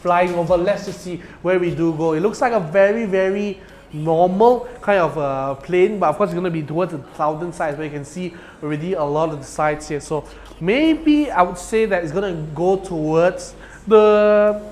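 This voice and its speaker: A man, casting an esports match live, excitable and full of "lah" and "you know" fillers. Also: sits high, moderate pace. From Malaysia. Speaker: esports caster. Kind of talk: live game commentary.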